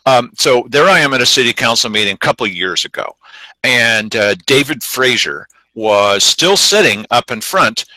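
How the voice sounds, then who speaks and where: Lively, bright-voiced male talk host. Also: mid-range voice, moderate pace, no room sound, rough recording. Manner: animated storytelling, acts out quotes. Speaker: show host. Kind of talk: casual chat.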